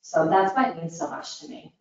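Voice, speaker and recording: A woman's voice: fairly low pitch, animated, a little fast, darkish tone. A woman from Northern Indiana with a northern US accent, giving an earnest public forum presentation for a disaster recovery group, with many "um" fillers. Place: large meeting room. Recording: echoey hall, distant, dull mic.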